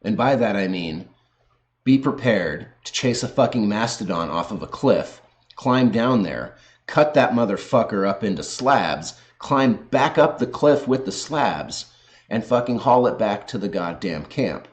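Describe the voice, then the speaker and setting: Low-voiced man ranting with sarcasm. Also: expressive, a little slow. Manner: sarcastic, combative, heavy swearing. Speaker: video host. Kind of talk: profane ranting commentary.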